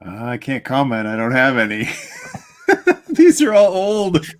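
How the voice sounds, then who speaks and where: Jokey male stream guest, lively pitch, laughs a lot, on a webcam call. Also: measured pace. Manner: laughs often, jokey and animated. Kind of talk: casual live stream chat.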